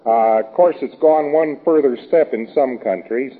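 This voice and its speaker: A man's voice: mid-range voice, normal speed. Wry man lecturing on a thin recording. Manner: wry, rambling, anecdotal. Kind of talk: informal lecture. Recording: thin phone-like old recording.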